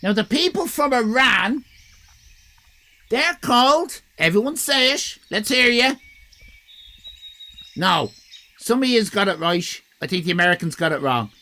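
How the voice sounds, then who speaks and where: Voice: mid-range voice, very animated, unhurried, pauses often, sharp tone. An Irish live-stream host chatting casually with viewers, rambling and swearing in mock outrage. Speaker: livestream host.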